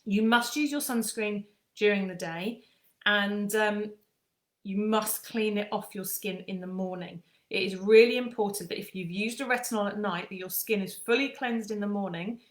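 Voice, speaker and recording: Woman aesthetician, chatty explainer, middle pitch, echoey room. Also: moderate pace. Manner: chatty, with frequent ums and restarts. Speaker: skincare aesthetician. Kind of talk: casual skincare explainer.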